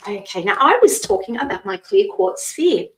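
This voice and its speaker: A woman's voice: medium pitch, very animated, normal speed, distant mic. Chatty woman reading tarot, roomy sound. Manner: gentle, chatty, reassuring. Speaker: psychic reader, stand-in host. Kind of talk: live-stream tarot reading.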